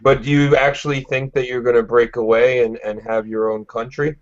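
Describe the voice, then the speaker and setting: Man, inquisitive, casual chat, average pitch, muffled call audio. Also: level tone, a little fast. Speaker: hangout participant.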